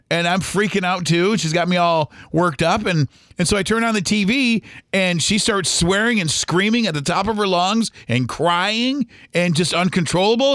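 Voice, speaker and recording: Man, middle-aged, somewhat high voice, rambling, halting, dry close mic. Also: lively intonation, fairly bright tone, no room sound. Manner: halting, rambling, with many restarts. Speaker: podcast host, former radio DJ. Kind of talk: casual storytelling monologue.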